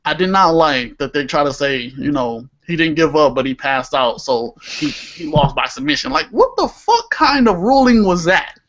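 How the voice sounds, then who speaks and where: A young man with a slightly high voice, co-hosting a wrestling-style chat podcast. He talks animatedly, laughs easily and swears when something annoys him. The audio is muffled and lo-fi. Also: big pitch swings, moderate pace, hardly any pauses, fairly bright tone. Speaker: podcast co-host. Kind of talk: casual chat.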